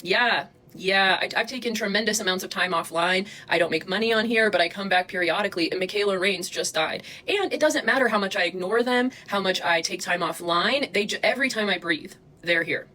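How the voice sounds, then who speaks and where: A woman's voice: medium pitch, fairly quick, hardly any pauses, pushed and bright, poor audio. A woman streaming live from her phone, ranting angrily and swearing as she confronts people in her chat. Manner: angry, profane, confrontational. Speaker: livestreamer. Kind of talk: livestream rant.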